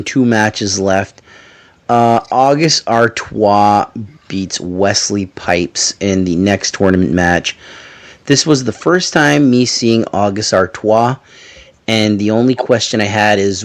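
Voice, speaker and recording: A man hosting a podcast in casual chat, telling stories in an animated way and swearing freely. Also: fairly low pitch. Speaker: podcast host.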